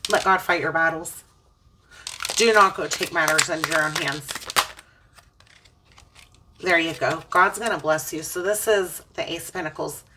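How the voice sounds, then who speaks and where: A woman with a low yet bright, forceful voice gives an earnest, preachy tarot reading. She sounds a little far from the mic. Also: normal speed, long pauses, a little hiss or hum. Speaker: tarot reader. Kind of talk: emotional spiritual tarot reading.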